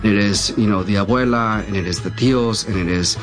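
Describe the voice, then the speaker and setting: Deep-voiced man, earnest interviewee. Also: brisk, hardly any pauses, music in the background.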